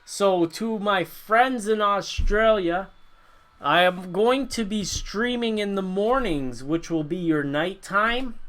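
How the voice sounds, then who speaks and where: Hosting a laid-back livestream Q&A, a man from North America speaks in a high-pitched, somewhat bright voice with a clean tone. He rambles a lot, leans on fillers, and laughs often.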